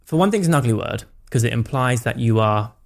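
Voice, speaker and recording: A man, a podcast guest talking candidly and reflectively, with many fillers and quick asides. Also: medium pitch, expressive, creaky. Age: 30s. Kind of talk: casual conversational interview.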